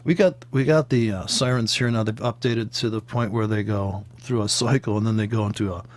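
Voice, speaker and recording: A man's voice: lowish voice, steady tone, brisk. Rambling, profane male trading streamer. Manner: profane, joking, tangent-prone, with laughs and sound imitations. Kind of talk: rambling casual commentary over trading charts.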